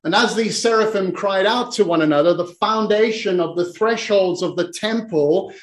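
A man's voice: high-pitched, normal speed, echoey room. A man preaching a sermon, retelling a scripture story and often repeating words as he goes. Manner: repeats words while speaking, dramatic quoted lines.

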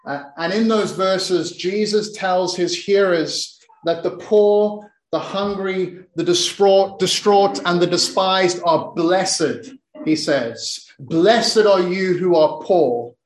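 A man's voice: high voice, slow pace, hardly any pauses, echoey room, rough recording. A man preaching a sermon in earnest, often repeating and restarting his words.

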